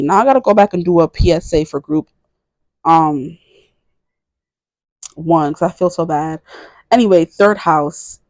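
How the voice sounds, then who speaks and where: A woman's voice: on the low side, darkish tone, no room sound. A woman in her twenties giving a casual tarot reading to camera, rambling, correcting herself and giggling. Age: 20s. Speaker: tarot reader.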